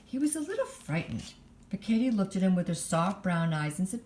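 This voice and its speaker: A woman reads a children's picture book aloud in an expressive storytime manner. Her voice is lively, rising and falling a great deal as she tells the story. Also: mid-range voice, fairly quick, a little hiss or hum.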